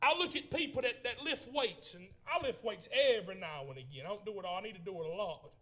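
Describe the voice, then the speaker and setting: A man preaching a Pentecostal sermon in a church, swinging from shouted lines to low murmurs as he tells the story. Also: animated, fast talker. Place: church sanctuary.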